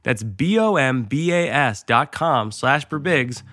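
A man's voice: medium pitch, expressive, unhurried, pushed and bright, soft background music. A man hosting a comedy podcast, talking loosely and jokingly, also reading ads in a casual way. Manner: loose, joking, riffs on his own radio voice. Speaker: podcast host.

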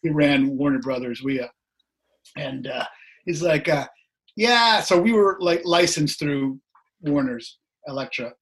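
A middle-aged man, a guest musician, telling anecdotes in a casual, animated way over a video call, his voice a little hoarse. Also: on the high side, unhurried. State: slightly hoarse. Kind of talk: casual storytelling.

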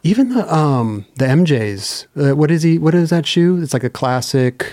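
Dude with a bouncy, higher voice, rambling casual chat, dry mic. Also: male voice, normal speed, no room sound. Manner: animated, trailing off mid-sentence.

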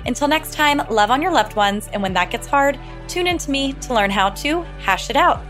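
A woman hosting a relationship advice podcast, answering a listener question in a calm, explanatory way, speaking straight to the listener. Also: high voice, moderate pace, faint music behind. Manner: calm, explanatory, direct address.

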